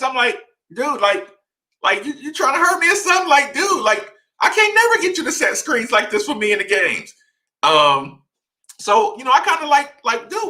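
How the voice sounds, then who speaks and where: A man telling casual stories straight to his camera, chatty and animated, acting out the dialogue of the people in them. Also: on the high side. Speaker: former basketball player sharing stories. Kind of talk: casual storytelling vlog. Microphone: webcam or phone facing him.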